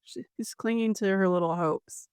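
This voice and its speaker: A woman's voice: mid-range voice, unhurried, a little mellow, clear, resonant tone, no echo, studio quality. A woman co-hosting a podcast, chatting and recapping a story with sympathy. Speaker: podcast co-host. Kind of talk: casual chat.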